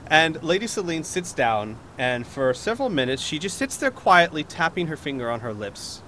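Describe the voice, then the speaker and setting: A man's voice: fairly high pitch, sing-song, moderate pace, sharp tone, a little hiss or hum. Man game master narrating a tabletop game. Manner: rambling, with many fillers and restarts.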